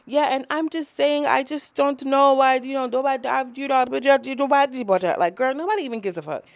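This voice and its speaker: A woman's voice: sits high, fairly quick, dry recording. A woman reviewing a reality show episode in a casual vlog, chatty, rambling and profane as she talks straight to her viewers.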